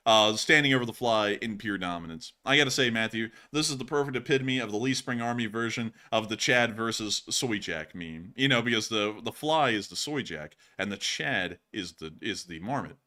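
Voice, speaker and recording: Man, casual stream host, animated, bright clear tone. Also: fairly low pitch, moderate pace, hardly any pauses. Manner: animated, bursts into loud goofy shouts and laughs. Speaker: livestream host. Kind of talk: casual livestream chat reading donations.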